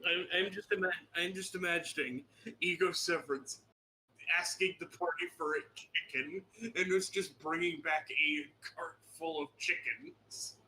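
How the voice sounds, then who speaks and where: A man's voice: on the high side, a little slow, pushed and bright, a little hiss or hum, rough recording. A man chatting while gaming, wry and joking. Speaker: player. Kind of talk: casual gaming chat.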